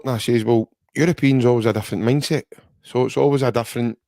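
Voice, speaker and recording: A man's voice: mid-range voice, fairly even intonation, quick pace, mellow, no room sound. Chatty Scottish man hosting a podcast. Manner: chatty, jokey, rambling banter. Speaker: podcast host. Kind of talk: casual football podcast chat.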